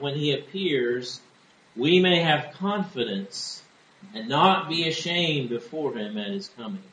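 A man preaching a sermon in an earnest, measured way. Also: mid-range voice, a bit bright, roomy sound, a little hiss or hum, rough recording. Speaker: pastor.

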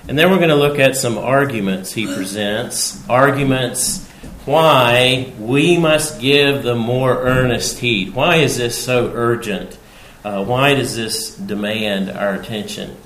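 A man preaching an expository sermon, taking his time over each phrase. His voice climbs in pitch and volume when he quotes scripture. The sound carries the echo of a large sanctuary over a faint background hum. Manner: measured preaching, rising loud emphasis on scripture quotes. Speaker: pastor. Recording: roomy hall sound with faint background noise.

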